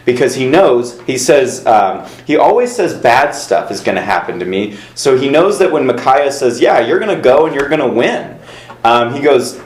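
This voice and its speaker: A man's voice: mid-range voice, big pitch swings, moderate pace. A man teaching a casual Bible class, talking with many fillers and reading verses aloud to his students. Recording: echoey room.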